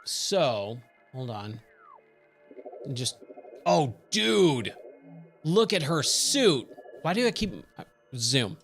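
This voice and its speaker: A man's voice: fairly high pitch, sing-song, drawn-out words, long pauses, fairly bright tone, faint music behind. A man with a Californian accent giving casual let's-play commentary, chatting and exclaiming at the game in surfer slang. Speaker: streamer; trainer at day job.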